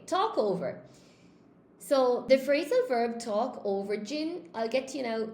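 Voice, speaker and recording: A woman's voice: fairly high pitch, darkish tone, roomy sound. A woman English teacher, from Spain, giving a chatty live lesson and reading out viewer comments.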